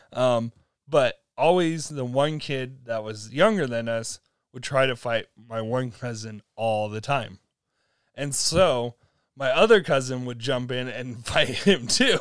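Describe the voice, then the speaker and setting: A man's voice: medium pitch, no echo, clean studio sound. A young man casually telling a long story, laughing often and acting out the people in it. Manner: animated storytelling with laughs and acted-out quotes. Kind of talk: casual chat.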